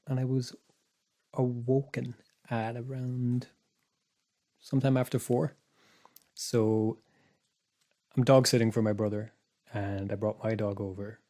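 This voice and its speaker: A man casually telling a spooky story on a podcast, rambling with restarts and dropping to a hush for his own thoughts. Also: mid-range voice, level tone, a little slow, long pauses. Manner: rambling, restarts, quiet asides when recalling his thoughts. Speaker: podcast co-host.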